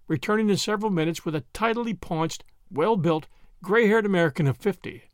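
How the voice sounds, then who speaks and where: A man narrating an adventure novel in an expressive, dramatic reading style. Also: high voice, a little fast, gravelly, no room sound, studio quality. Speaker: audiobook narrator. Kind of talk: scripted narration.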